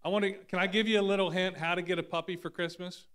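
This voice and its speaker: A man's voice: sits high, fairly even intonation, fast talker, a bit bright, clear, resonant tone. A man leading a church service on a stage microphone, playful and teasing before moving to the offering. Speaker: pastor. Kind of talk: joking church talk. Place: church sanctuary.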